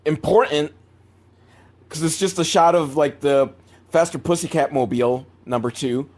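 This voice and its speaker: A man's voice: on the high side, normal speed, darkish tone. A man talks through a cheap movie in loose, rambling asides, swearing casually and hedging with lots of "like" and "I don't know." He laughs at the film's sloppiness as he goes, in an unscripted, conversational way. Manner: rambling, profane, laughs at bad filmmaking. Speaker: movie reviewer host.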